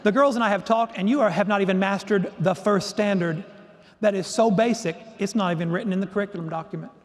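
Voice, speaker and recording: A man voicing an older Southern woman mentor teacher who gently patronizes, speaking softly and calling everyone baby. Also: high-pitched, fast talker, lightly acted. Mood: knowing. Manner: soft, drawling, calls everyone baby. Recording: echoey hall.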